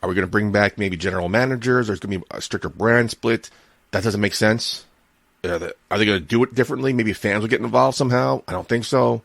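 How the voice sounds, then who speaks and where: A man with a low voice co-hosts a casual podcast, recorded dry with no room sound. He talks in an easygoing way, repeating words as he thinks aloud. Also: fast talker, gravelly, fairly bright tone, no room sound. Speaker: podcast co-host. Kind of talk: casual wrestling podcast chat.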